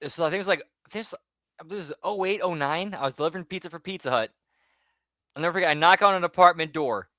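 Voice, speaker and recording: A man co-hosting a podcast, telling personal stories in a loose, rambling way that often trails off quietly. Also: fairly high pitch, quick pace, dry recording, studio quality. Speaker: podcast co-host. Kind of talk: casual storytelling chat.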